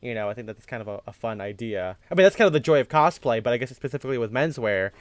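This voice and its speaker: A man co-hosting a podcast in casual chat, rambling and animated, joking and swearing. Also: medium pitch, rapid-fire, no echo. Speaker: podcast co-host.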